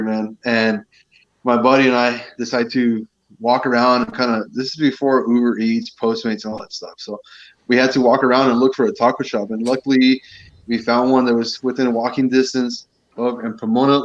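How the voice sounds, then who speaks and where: Chatty man telling a long story. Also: medium pitch. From San Diego. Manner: rambling anecdotes, playful voices for people he quotes. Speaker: podcast guest, events director. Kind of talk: casual chat, storytelling. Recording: dull lo-fi podcast audio.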